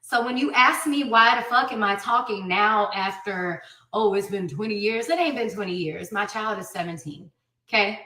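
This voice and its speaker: A woman's voice: medium pitch, moderate pace, sharp tone. A woman in her thirties giving a blunt, profane, emphatic personal account as an interview guest. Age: 30s. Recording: roomy sound, mic at a distance.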